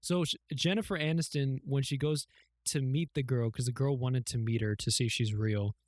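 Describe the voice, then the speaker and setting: A man's voice: mid-range voice, steady tone, normal speed, no room sound. A man co-hosting a podcast in casual chat, rambling through a story with many fillers, cusswords and laughs. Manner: rambling plot retelling with fillers, swearing and laughs. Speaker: podcast co-host.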